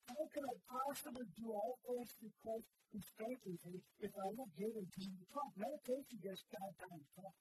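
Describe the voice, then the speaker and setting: A preacher delivering a sermon in repetitive, emphatic phrases that swell loud and then fall to a soft hush. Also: medium pitch, noisy background.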